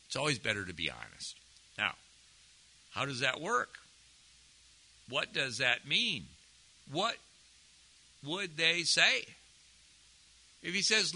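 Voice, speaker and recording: A man's voice: a little high, sing-song, unhurried, gravelly, pauses often, sharp tone, rough recording. A middle-aged man, a pastor preaching a conversational sermon full of questions to his congregation.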